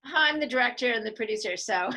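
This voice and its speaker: A woman's voice: on the high side, fairly quick, low-quality recording. Earnest middle-aged woman, interview guest. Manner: earnest, animated when quoting others. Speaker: interview guest, filmmaker and mother. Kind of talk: conversational interview.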